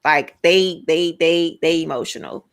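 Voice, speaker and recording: A woman co-hosting a casual podcast chat, reading out viewer comments and reacting in an animated, lively way. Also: low-pitched, unhurried, creaky, clean tone.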